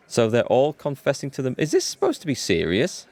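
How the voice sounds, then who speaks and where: A man's voice: mid-range voice, huge pitch swings, a little fast, hardly any pauses, a little mellow. Wry man musing over a game. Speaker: let's play host. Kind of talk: casual gaming commentary.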